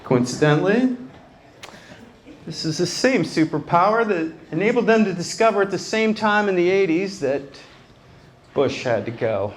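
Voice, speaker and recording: A man's voice: high-pitched, moderate pace, slight background noise. A man doing a stand-up comedy set in a night club, acting out quotes with lots of energy. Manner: animated, acts out quotes. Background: laughing crowd.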